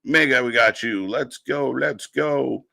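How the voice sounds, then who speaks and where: A young man hosts a live wrestling watch-along stream, greeting chatters by name in an upbeat way and rattling off their names. His mid-range voice is slow and sharp-toned, with vocal fry, on a dry recording.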